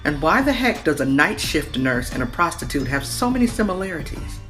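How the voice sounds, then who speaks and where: A woman's voice: deep voice, sing-song, brisk, over music. A woman, a night shift nurse, telling a wry story in an incredulous tone.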